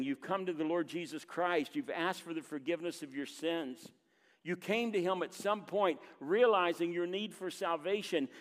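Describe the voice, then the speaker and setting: A man preaching a sermon as pastor, reading scripture and pausing for emphasis. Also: high-pitched, big-room sound. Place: church sanctuary.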